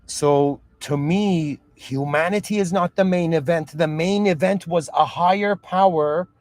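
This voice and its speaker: A man's voice: fairly high pitch, unhurried, no echo. A man who moved to Canada as a child, talking earnestly in a reflective monologue, restarting often and checking that the listener understands. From moved to Canada at seven. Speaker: podcast host.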